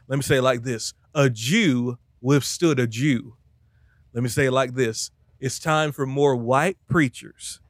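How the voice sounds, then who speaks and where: A man's voice: a little high, no echo, clean studio sound. A man preaching in a podcast chat, emphatic and repeating phrases for effect. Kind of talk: animated sermon-style talk.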